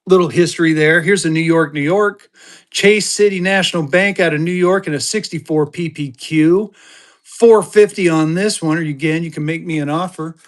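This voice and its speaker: A man from Colorado hosting a live selling stream, talking fast in an upbeat sales patter. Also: fairly high pitch. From Colorado, USA. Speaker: live-stream currency seller.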